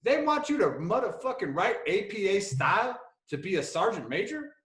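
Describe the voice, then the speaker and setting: A man's voice: high-pitched, very animated, normal speed, a bit bright, pitched above the performer's own voice. A man voicing an angry male veteran sergeant with a Southern accent, ranting profanely. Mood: indignant rant. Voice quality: profane, indignant. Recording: echoey room.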